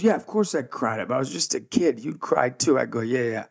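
A man tells his story with energy and a gravelly edge, jumping in and out of quoted dialogue. His pitch sits in a middle range. The recording is dry and close, with no room sound. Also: no echo. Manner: energetic, fast-shifting, acts out dialogue. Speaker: guest, ministry founder. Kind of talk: animated storytelling interview.

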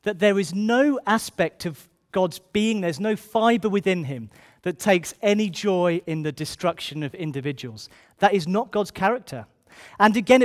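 A man preaching a sermon, reading scripture slowly and then hurrying through his asides, often repeating key phrases. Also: high voice.

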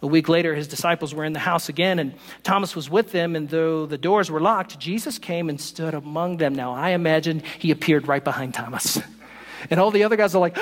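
An animated man preaching to his congregation, mixing humor into scripture and playing out little scenes with his voice. His voice sits a bit high, and the sound rings with a long hall reverb. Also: fairly quick. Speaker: pastor. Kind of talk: sermon.

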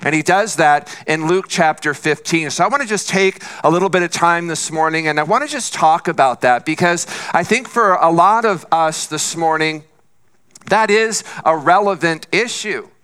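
A man's voice: fairly high pitch, moderate pace, fairly bright tone, smooth. A man preaching a sermon as pastor, earnest and repeating phrases for emphasis.

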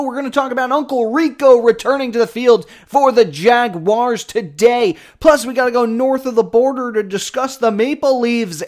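Lively, jokey sports podcaster. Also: male voice, very high voice, moderate pace. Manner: jokey, animated, self-mocking banter. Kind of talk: casual sports podcast recap. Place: home setup, face on camera.

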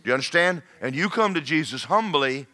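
Male pastor, sermon, lively pitch swings, bright tone. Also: fairly quick. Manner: animated preaching, swings from loud to hushed.

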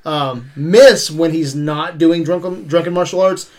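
High-voiced laid-back man hosting. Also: measured pace, a little mellow. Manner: laid-back, filler-heavy, swears casually. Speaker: podcast host. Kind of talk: casual podcast chat.

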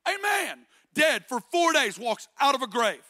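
A man delivers an impassioned sermon in a high, bright voice. He builds his points through repetition and rhetorical questions. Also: sing-song, unhurried. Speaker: preacher.

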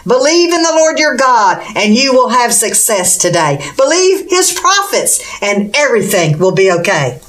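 A woman's voice: medium pitch, expressive, moderate pace, hardly any pauses, a bit bright. A woman preaching a sermon with fervent, exclamatory delivery and rhetorical questions.

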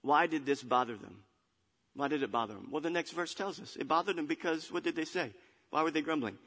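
A man's voice: on the high side, quick pace. Preacher man in an echoing hall. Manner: animated, acts out grumbling crowd with muttered asides. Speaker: pastor. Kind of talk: sermon. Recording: long hall reverb.

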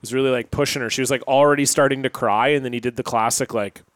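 A man's voice: mid-range voice, steady tone, quick pace, fairly bright tone, dry recording, studio quality. A man co-hosting a casual sports podcast, rambling and filling his talk with "like" and "uh". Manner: rambling, full of fillers and "like". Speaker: podcast co-host. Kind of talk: casual chat.

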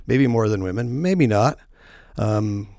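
Speaking slowly in a low, gravelly voice, this man hosts an easygoing faith podcast and drifts through long stories that poke fun at himself, full of ums and restarts. His audio is close and completely dry.

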